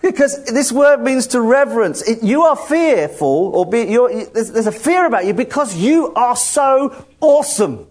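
A man preaching a lively sermon to his congregation, joking and laughing often and calling out people by name. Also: extremely high pitch, moderate pace, hardly any pauses. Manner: animated, jokey, laughs often, calls out congregation members.

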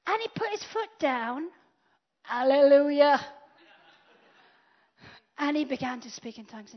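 A woman preaching a sermon, swinging from loud declarations to hushed whispers. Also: sits high. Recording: dull lo-fi sound.

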